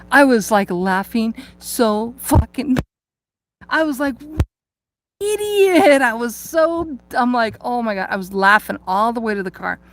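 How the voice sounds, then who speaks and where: A woman's voice: a little high, sing-song, unhurried. Rambling, profane woman vlogger. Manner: profane, ranting, laughs at herself. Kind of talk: casual rambling storytelling.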